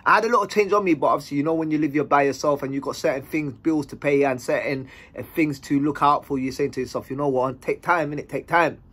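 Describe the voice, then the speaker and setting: A man's voice: a little high, fast, hardly any pauses, slightly rough. A man telling a story in a casual, slang-heavy way. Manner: animated, slang-heavy, acts out dialogue.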